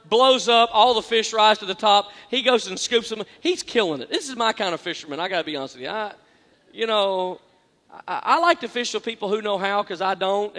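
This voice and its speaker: High-voiced pastor in echoing hall. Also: male voice. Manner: earnest and self-deprecating, repeats phrases for emphasis, swings from quiet to loud. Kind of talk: sermon. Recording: long echoing hall reverb.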